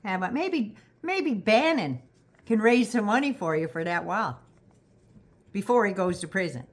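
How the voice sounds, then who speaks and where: An older Canadian woman with a Canadian accent giving a sarcastic, profane political rant straight to her viewers, scolding and rising into loud indignant bursts. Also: mid-range voice, expressive, unhurried. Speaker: vlogger. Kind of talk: direct-address political rant.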